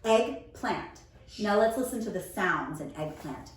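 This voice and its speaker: A young woman teaching preschoolers on video, gently sounding out words slowly and patiently as she plants seeds with a child. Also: fairly low pitch, lively intonation, slight background noise. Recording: very echoey room, mic far off.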